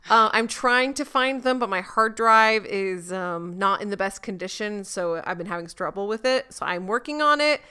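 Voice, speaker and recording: A woman co-hosting a podcast, chatting casually and sincerely with her co-host and reading out listener shout-outs. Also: mid-range voice, expressive, moderate pace, hardly any pauses, smooth. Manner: warm, sincere, a little emotional.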